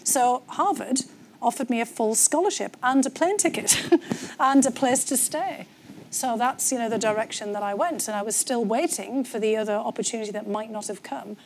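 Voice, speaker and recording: A woman's voice: on the high side, moderate pace, a little hiss or hum. A woman with a North East English accent, a guest in an interview, telling her story candidly with frequent fillers. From North East England. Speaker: guest, former government official. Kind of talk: conversational interview.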